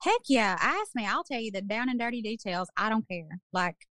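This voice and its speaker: A woman, co-hosting a podcast in casual chat, self-deprecating and quick to laugh. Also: a little high, lively intonation, a bit bright, dry recording. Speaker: podcast co-host.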